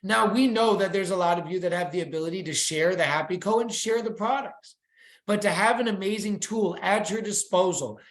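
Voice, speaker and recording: A presenter full of excitement runs through a weekly company update on a video call, showing slides in a salesy, upbeat style. The recording sounds roomy.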